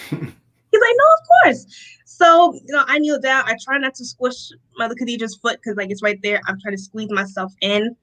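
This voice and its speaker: A young woman from Rochester, New York, a guest telling a personal testimony in an interview, animated and often acting out what people said. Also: on the high side, normal speed, rough recording. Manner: animated storytelling, acting out quotes, laughs often.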